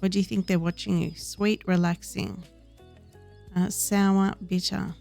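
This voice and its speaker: Woman gamer chatting thru gameplay, slow and gravelly, some music under her. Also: medium pitch, level tone, darkish tone. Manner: reads game dialogue aloud in her own voice. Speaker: gaming host. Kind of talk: casual gameplay commentary.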